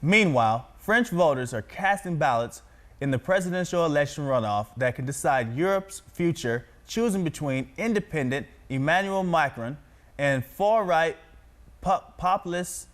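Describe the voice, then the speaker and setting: A man's voice: on the high side, animated, moderate pace. A man practicing reading news copy aloud, stumbling over names and repeating corrections.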